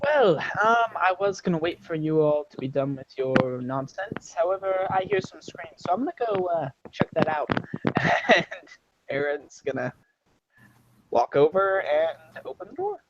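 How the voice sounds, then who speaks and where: A man's voice: fairly high pitch, expressive, measured pace, noisy background. Guy playing his character, voice bounces all over, dull lo-fi sound. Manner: playful, laughing between lines. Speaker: player. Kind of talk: casual tabletop role-play. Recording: dull lo-fi recording.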